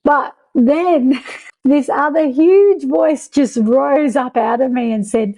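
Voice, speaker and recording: Gravelly-voiced woman telling her story. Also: sits high, slow, low-quality recording. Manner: earnest, reflective storytelling with soft laughs. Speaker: interview guest. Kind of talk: recounting a near-death experience.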